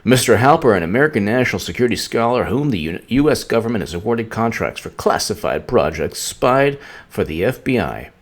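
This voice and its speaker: Male vlog host, low and lively voice, rambling, sarcastic commentary full of restarts. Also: a little fast. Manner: rambling, sarcastic, stumbling over words. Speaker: political commentator. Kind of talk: casual political commentary vlog.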